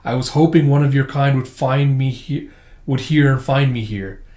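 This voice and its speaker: A man's voice: mid-range voice, moderate pace, darkish tone, lightly acted. Stiff literal robot sidekick, male, formal and polite, a man reading it out, echoey room. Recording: roomy echo.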